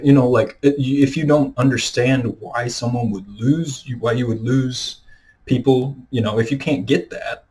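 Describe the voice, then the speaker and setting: A man's voice: mid-range voice, unhurried, darkish tone, poor audio. A man ranting straight to his own camera in a loose, rambling way, full of fillers and restarts. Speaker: video creator. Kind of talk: unscripted rant to camera. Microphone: camera mic, self-filmed.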